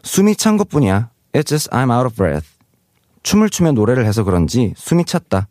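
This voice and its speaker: A man's voice: mid-range voice, sing-song, rapid-fire, darkish tone, no echo, clean studio sound. A man teaching Korean vocabulary in English. He reads example sentences aloud and translates each one. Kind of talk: explaining vocabulary.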